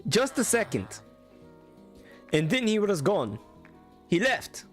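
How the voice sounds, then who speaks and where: A man streaming a game, talking in a put-on Indian accent with a higher, playful voice that repeats itself. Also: big pitch swings, slow pace, soft background music, full character voice. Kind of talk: mock-accent bit during a live mod review.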